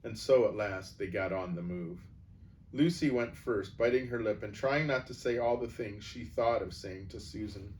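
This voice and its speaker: A man reading a children's novel aloud, expressive and changing his voice for the characters. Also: fairly low pitch, moderate pace, recorded from a distance, slight background noise. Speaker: storyteller.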